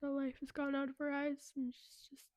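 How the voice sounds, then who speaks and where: A woman co-hosting a book podcast, retelling a plot in casual, profane, animated chat. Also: high voice, a little fast, no room sound. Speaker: podcast co-host.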